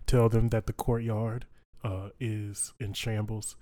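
A man's voice: lowish voice, flat delivery, slow pace, mellow. A man putting on a drawling country adventurer. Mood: folksy. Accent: country (Southern US). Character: tall-feeling male country adventurer.

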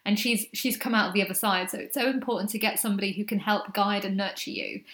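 A woman hosting an interview, encouraging and warm, laughing often. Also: mid-range voice, steady tone, quick pace. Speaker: podcast host. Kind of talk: casual interview chat. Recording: roomy echoey sound.

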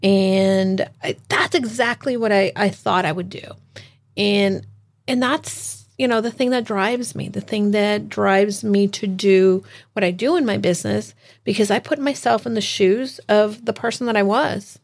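A woman's voice: medium pitch, measured pace, vocal fry. A woman business coach hosting a casual conversation, talking in an encouraging, reflective way.

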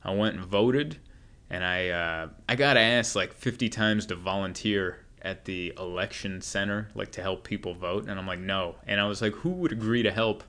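Man, comedian, rambling wry monologue, lowish pitch, casual storytelling. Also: normal speed, bright, forceful tone. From United States.

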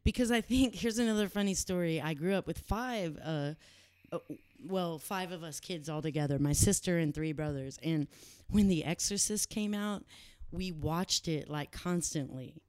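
A woman guest musician in a casual interview, soft-spoken and hesitant. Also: lowish voice, moderate pace, clear, resonant tone, dry recording.

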